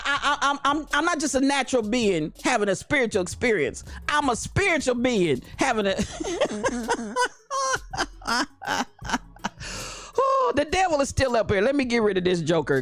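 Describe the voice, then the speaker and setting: A woman hosting a live chat show in a dialect, animated and laughing often as she chats with her listeners by name. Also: fairly high pitch. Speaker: host. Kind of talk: lively live-stream chat.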